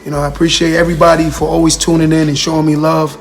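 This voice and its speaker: A man speaks on a motivational livestream in a gravelly, slightly high voice. He talks earnestly and repeats himself as he addresses his viewers and their comments directly. Soft music plays faintly behind him. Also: little pitch movement, rapid-fire. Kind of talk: casual motivational talk.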